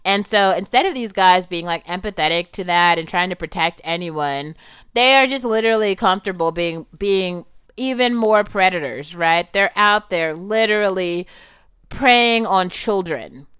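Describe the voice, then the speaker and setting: Outspoken young woman, very clear voice. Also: fairly low pitch, normal speed, dry recording. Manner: animated and outspoken, heavy use of "like", swears. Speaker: commentator reviewing a film. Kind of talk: casual film commentary.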